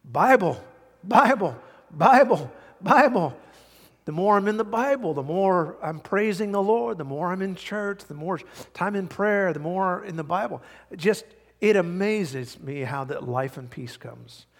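A middle-aged male pastor preaching a sermon, telling stories with big swings from hushed to loud. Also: high voice, normal speed, creaky. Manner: animated storytelling, swings from quiet to loud. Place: large church hall. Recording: hall reverb.

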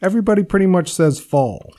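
Playful higher-voiced male podcast co-host. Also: lively intonation, brisk, dark tone. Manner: jokey, playful banter. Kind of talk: casual chat.

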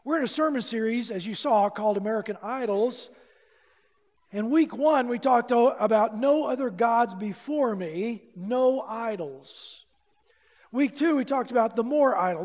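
A man preaching a sermon, telling a lively personal story and acting out the dialogue, sometimes shouting at the dramatic moments. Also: sits high, unhurried, in a large hall. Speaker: pastor.

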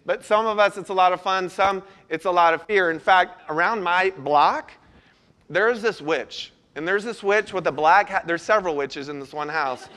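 A man pastor giving a sermon, telling a story with animated asides before laying out his points. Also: high-pitched, normal speed.

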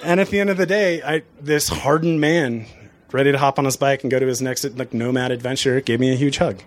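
A man who works as a bartender, telling stories to an audience in a casual, lively way and chuckling often. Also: mid-range voice, brisk. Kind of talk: storytelling talk to an audience.

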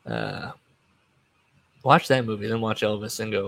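Gravelly, rambling male podcaster. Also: fairly low pitch, sing-song, a little slow, fairly bright tone. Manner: rambling and digressive, trails off and restarts; chuckles at his own asides. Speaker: podcast host. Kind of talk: casual solo podcast chat.

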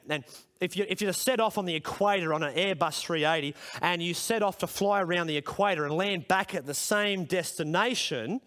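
A middle-aged man gives a sermon at a school chapel service, his voice pitched high. He talks in a conversational way and grows emphatic as he puts questions to the room. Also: a bit bright. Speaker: preacher.

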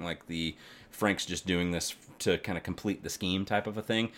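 Male podcast co-host, low voice, loose, excitable and profane, talks in long run-on stretches. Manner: rambling, animated, swears often, many fillers. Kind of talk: casual chat.

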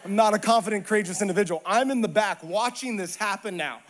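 Animated high-voiced male preacher. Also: quick pace. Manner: animated storytelling, acts out quotes, builds to emphatic preaching. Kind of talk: sermon with personal story.

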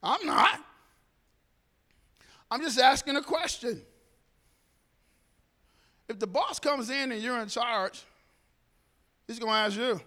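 A man speaking to a group, telling a personal story in an animated way and acting out the dialogue. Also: very high-pitched, slow pace, long pauses, long reverb tail.

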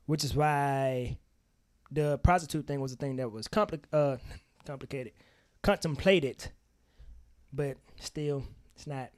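A man's voice: medium pitch, unhurried, pauses often. A man co-hosting a podcast, talking candidly and emphatically with plenty of swearing. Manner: animated, emphatic storytelling with frequent swearing. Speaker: podcast co-host. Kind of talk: candid casual chat.

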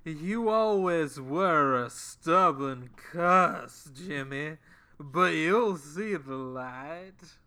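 A man's voice: fairly high pitch, animated, pushed and bright, clear, resonant tone, full character voice. A man putting on a drawling old Southern doctor. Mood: chiding. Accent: American Southern, put on. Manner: slow exaggerated drawl.

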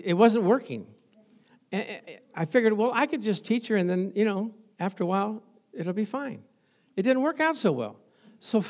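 A middle-aged male pastor preaching a sermon, telling stories with laughter and frequent praise interjections. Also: fairly high pitch.

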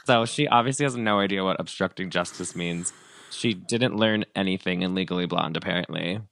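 A male podcast host with a low, gravelly voice, rambling through a story in casual chat full of fillers. The recording is dry and close, with no room sound. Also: fairly quick, a bit bright, no echo.

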